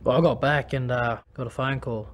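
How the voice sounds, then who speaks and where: Australian man, former league player, candid testimony. Halting, restarts, level tone. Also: medium pitch, fairly even intonation. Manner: halting, many restarts and fillers. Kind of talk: personal testimony.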